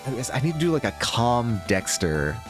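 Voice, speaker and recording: A man's voice: mid-range voice, big pitch swings, normal speed. A man streaming a video game live, chatting with his audience in a self-deprecating way that often breaks into laughter. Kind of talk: live gameplay narration and chat. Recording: game music underneath.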